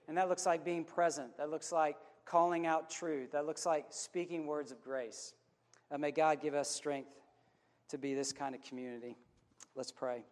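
A man's voice: fairly high pitch, long reverb tail. A man preaching a sermon as a pastor, telling a story in an earnest, conversational way.

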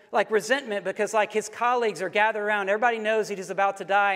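High-voiced man telling a story in a hall. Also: a bit bright. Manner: earnest storyteller, frequent "like" fillers. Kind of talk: retelling a novel to an audience.

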